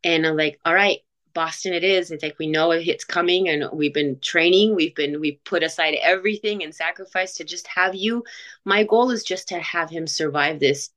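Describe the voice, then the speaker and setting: A woman's voice: fairly low pitch, normal speed, a bit bright. A woman in her forties telling her story in an interview, earnest and chatty, with frequent restarts and filler words. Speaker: interview guest, marathon runner.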